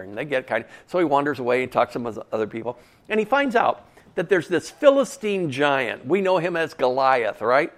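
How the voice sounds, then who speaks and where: A man's voice: medium pitch, big pitch swings, brisk. Folksy, conversational male preacher. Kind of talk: sermon.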